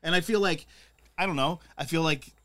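A man's voice: on the high side, brisk, fairly bright tone. A man co-hosting a podcast, riffing with crude, irreverent jokes in a casual chat. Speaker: podcast co-host.

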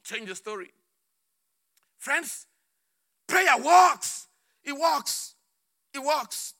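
A man preaching a sermon with fervor, repeating phrases and swinging between shouts and low murmurs. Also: animated, takes it slowly.

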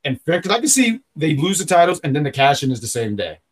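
A man's voice: a little high, sing-song, fast talker. A man hosting a podcast in casual, rambling chat, often stopping to correct himself. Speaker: podcast host.

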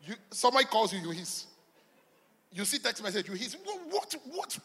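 A man preaching a sermon, swinging between loud declarations and quiet asides. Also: a little fast, slightly rough. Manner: animated preaching, swinging from shouts to low asides. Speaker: pastor. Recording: long hall reverb.

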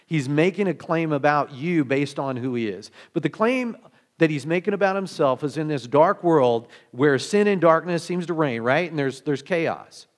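In a slightly high voice with lively intonation, a male pastor delivers a sermon at a moderate pace. He speaks conversationally, asks many rhetorical questions, and often restarts his sentences.

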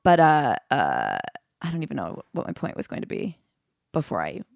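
A woman's voice: rumbling low, huge pitch swings, moderate pace, vocal fry, no echo, clean studio sound. A woman hosting a podcast, talking in a frank, sarcastic and profane way. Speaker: podcast host. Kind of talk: candid podcast chat.

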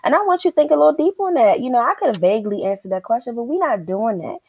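A young adult woman hosting a podcast, telling a story in a casual, animated and profane way and acting out her own inner dialogue. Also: on the high side, racing, gravelly, breathy edge, no echo, low-quality recording. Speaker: podcast host.

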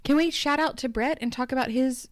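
A woman's voice: sits high, fairly quick, dry recording, clean studio sound. A woman co-hosting a podcast in casual, joking chat; she teases bluntly and laughs often. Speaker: podcast co-host.

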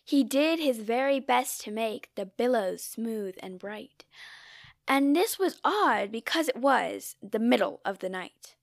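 A woman reciting a classic narrative poem in a measured, theatrical way, now and then dropping to a whisper. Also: fairly high pitch, vocal fry, no echo, clean studio sound. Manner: measured, theatrical reading with sudden drops to a whisper. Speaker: poetry reader. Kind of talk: poetry recitation.

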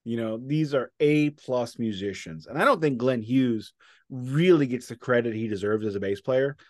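Guy on a music podcast, mid-pitched, goes off on tangents. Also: normal speed, no room sound, studio quality. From United States. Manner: opinionated, digressive, jokey. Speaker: podcast co-host. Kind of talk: casual music review chat.

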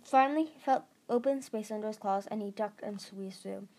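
A woman's voice: mid-range voice, a little fast, a little mellow. A woman narrating an amateur audiobook reading, stumbling over words and restarting.

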